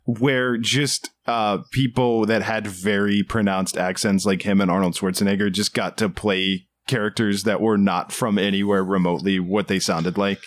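A man's voice: lowish voice, level tone, moderate pace, hardly any pauses. A man co-hosting a podcast, chatting casually and rambling with many fillers. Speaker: podcast co-host who interviews actors. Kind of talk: casual chat.

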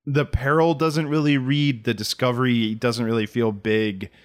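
A man co-hosting a podcast in casual chat, talking in quick animated bursts with frequent restarts. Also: medium pitch. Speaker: podcast co-host.

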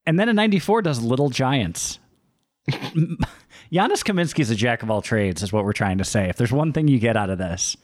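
A man's voice: mid-range voice, expressive, fairly quick, no echo, clean studio sound. A man co-hosting a casual movie review podcast, listing facts wryly with many fillers. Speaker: podcast co-host.

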